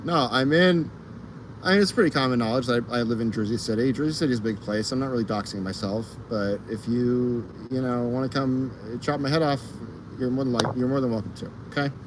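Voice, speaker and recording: A man's voice: mid-range voice, a little fast, background noise. A man livestreaming outdoors on a fire escape, rambling and swearing casually, laughing often and trailing off into ums and uhs. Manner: rambling, profane, laughs a lot, trails off in fillers. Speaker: streamer.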